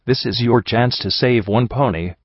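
A man's voice: medium pitch, normal speed, dry recording, dull audio, close to an everyday voice. A man voicing a firm, no-nonsense pony mare doctor in a storybook reading. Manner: firm, matter-of-fact.

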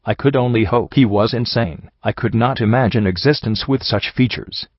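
A man giving steady, measured first-person audiobook narration. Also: medium pitch, dry recording, highs cut off.

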